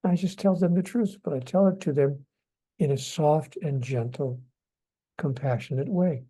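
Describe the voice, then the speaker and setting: Gentle, soft-spoken older man with a bright voice. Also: fairly high pitch, moderate pace, breathy edge. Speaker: guest author. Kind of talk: interview conversation.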